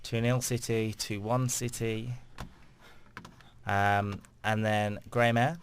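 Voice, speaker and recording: A man's voice: fairly low pitch, level tone, slow, slight background noise. A man hosting a casual football podcast, joking and laughing as he steers the segments. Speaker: podcast host.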